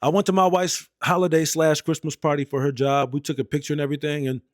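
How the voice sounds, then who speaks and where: A man's voice: fairly high pitch, level tone, quick pace, no room sound, clean studio sound. A young American man and Air Force veteran telling stories in a blunt, heated, profane way. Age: young adult. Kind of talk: casual storytelling rant.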